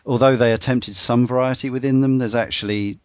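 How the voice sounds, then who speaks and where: A man's voice: mid-range voice, fairly even intonation, a little fast, no room sound. A man hosting a casual discussion, rambling with many fillers and restarts. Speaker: podcast host. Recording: dull dry lo-fi sound.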